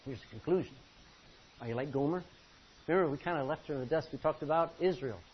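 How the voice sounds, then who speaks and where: A male pastor preaching a sermon from the front of a church, impassioned, swinging from loud pleading to low intensity. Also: fast. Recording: dull lo-fi recording with faint hiss.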